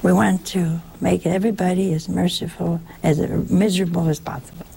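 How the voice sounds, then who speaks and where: A woman's voice: lowish voice, little pitch movement, brisk, creaky, dark tone, slight background noise. A woman giving a conversational sermon in a folksy way, often turning to the listeners with rhetorical questions. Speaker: preacher.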